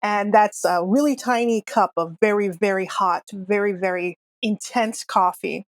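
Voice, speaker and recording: A woman's voice: medium pitch, unhurried, no room sound. A woman narrating as game master of a tabletop game, chatty with frequent laughs and fillers.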